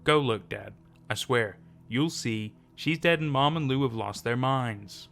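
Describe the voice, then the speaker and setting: A distraught young woman in a storybook horror tale, pleading and insistent, as a male narrator reads her lines. The voice sits at an ordinary middle pitch with a gravelly, creaky edge. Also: a little slow, fairly bright tone. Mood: frantic. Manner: pleading, shaken.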